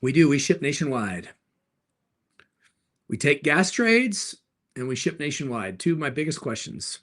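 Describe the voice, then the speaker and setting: A very animated middle-aged man with a fairly high, fairly bright voice hosts a live stream. A car dealer by trade, he jokes around and quickly, cheerfully answers questions from the chat.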